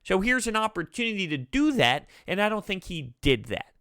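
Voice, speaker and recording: A male sports vlogger venting about his team in a bright, forceful voice. He is animated and exasperated and laughs through the frustration. The sound is dry and close, with no room in it. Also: high voice, normal speed, no room sound. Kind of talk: fan reaction commentary.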